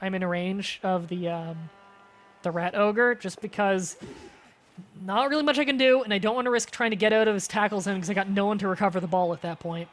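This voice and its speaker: A young adult woman streaming a game, chatting casually with animated, profane asides. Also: medium pitch, brisk. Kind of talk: casual chat over gameplay.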